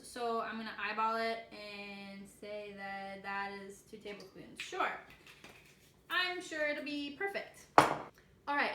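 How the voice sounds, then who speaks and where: A woman's voice: a little high, bright, forceful tone, reverberant, slight background noise. A young woman hosting a casual cooking tutorial, chatty and self-deprecating, joking through her kitchen mishaps. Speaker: library cooking tutorial host. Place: home kitchen.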